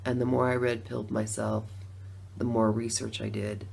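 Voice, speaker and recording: A woman's voice: rumbling low, little pitch movement, moderate pace, creaky, a little mellow, slightly rough. A middle-aged woman telling a personal story in a casual, conversational way. She laughs often and acts out her own reactions. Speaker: former Democrat voter telling her story.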